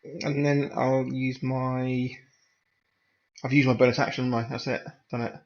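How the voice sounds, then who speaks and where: A man's voice: medium pitch, little pitch movement, normal speed. A man playing a tabletop game, playfully describing his character's actions over a dull, lo-fi microphone with faint noise.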